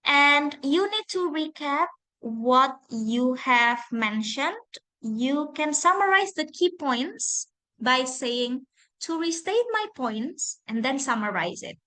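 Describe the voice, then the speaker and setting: A woman English lecturer with an Indonesian accent, teaching presentation phrases in an online lesson, deliberate and repeating each example. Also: high-pitched, expressive, bright, forceful tone.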